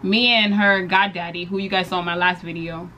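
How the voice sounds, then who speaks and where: A young woman chats to camera from her bedroom, telling a story with big swings in pitch as she acts out what everyone said. She laughs often and talks casually, with a faint hiss of noise behind her voice. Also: steady tone, fairly quick, pushed and bright, lo-fi sound. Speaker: vlogger.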